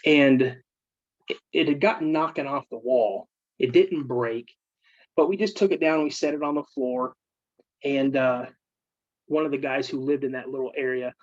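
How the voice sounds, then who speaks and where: A man's voice: fairly high pitch, no echo, muffled recording. A man, a military veteran, casually telling ghost stories from his service and acting out his friends' voices. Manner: animated, acts out friends' voices. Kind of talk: casual storytelling.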